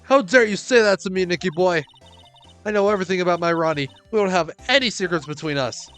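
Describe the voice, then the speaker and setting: A man's voice: sits high, fast talker, fairly bright tone, soft background music, voice pushed up. A man voicing a dramatic, devoted wife in a game, with a theatrical, swooning manner. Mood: indignant. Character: gushing devoted middle-aged wife, dramatic, easily offended.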